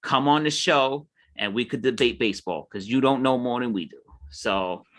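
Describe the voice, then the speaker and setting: A man's voice: mid-range voice, moderate pace, a bit bright. A man, co-hosting a casual show, ranting heatedly and mimicking other people. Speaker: podcast co-host. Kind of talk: casual chat.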